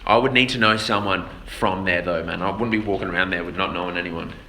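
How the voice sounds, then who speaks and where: A man with a very bright, cutting voice rants bluntly to his live chat, dropping swear words and calling everyone "man" and "brother." He stalls on repeated words as he hunts for the next thought. A faint hum runs under him. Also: deep voice, fast. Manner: repeats words while searching for them. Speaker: livestreamer answering chat. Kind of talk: casual rant to a live audience.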